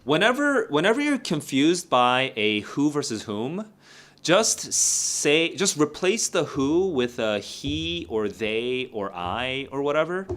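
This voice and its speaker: Guy tutor on a livestream, casual, mid voice, repeats stuff slow, answers chat. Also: mid-range voice, fairly bright tone. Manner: chatty, repeats drills slowly, answers live chat. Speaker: SAT tutor.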